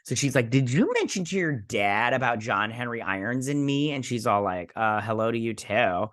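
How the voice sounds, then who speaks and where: A man's voice: medium pitch, expressive, moderate pace, a bit bright. A young man from Michigan casually recapping a TV episode, rambling and acting out characters' lines as he goes. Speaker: host.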